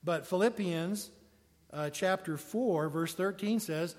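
A man's voice: high-pitched, slow. A man preaching a sermon in a conversational way, asking his congregation questions as he goes. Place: church sanctuary. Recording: long reverb of a large hall.

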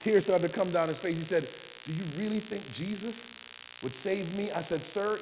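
High-pitched guy preaching a testimony, hushed then loud, long hall echo, hiss and hum behind. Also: moderate pace. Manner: impassioned storytelling, swings from hushed to loud. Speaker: preacher and doctor. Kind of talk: sermon testimony.

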